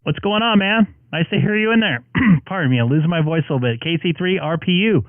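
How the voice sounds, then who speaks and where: A man's voice: sits high, lively intonation, a little fast, dry recording. A man from Southern California talking on an amateur radio net, friendly and chatty, spelling out call signs. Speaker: ham radio operator. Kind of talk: on-air radio check-in chat. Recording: narrow radio transmission.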